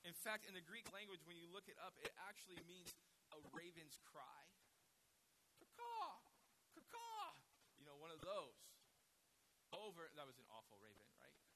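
Animated preacher man, hissy recording. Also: a little high, a little fast, rough recording. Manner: animated storytelling preacher, acting out voices and calls. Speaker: pastor. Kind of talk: sermon.

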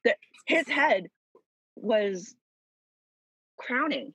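A young woman telling a personal story in an animated, dramatic way, laughing often. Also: fairly high pitch, takes it slowly, pauses often, husky, dry recording, lo-fi sound. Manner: lively, laughing, dramatic retelling.

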